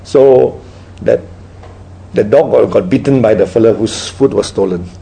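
A man's voice: on the low side, vocal fry, dark tone, poor audio. A man teaching as a Buddhist teacher in a dharma talk, telling stories and checking in with his listeners with a constant "right?". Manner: tag questions like "right?" after nearly every point; unhurried, storytelling delivery. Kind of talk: dharma talk with audience questions.

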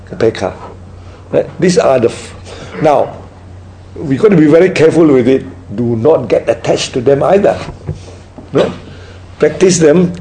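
A man's voice: medium pitch, dark tone, slight background noise, poor audio. A man teaching as a Buddhist teacher in a dharma talk, telling stories and checking in with his listeners with a constant "right?". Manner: tag questions like "right?" after nearly every point; unhurried, storytelling delivery. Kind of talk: dharma talk with audience questions.

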